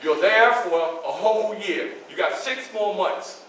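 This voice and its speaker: A man's voice: high voice, a little slow, fairly bright tone, slight background noise, voice pushed down. A man voicing a stern cold slave master. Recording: echoey room from far off.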